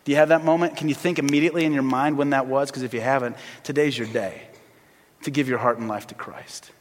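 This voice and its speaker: Animated male pastor in a reverberant hall. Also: medium pitch, quick pace. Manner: animated, swings from loud emphasis to hushed. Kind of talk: sermon.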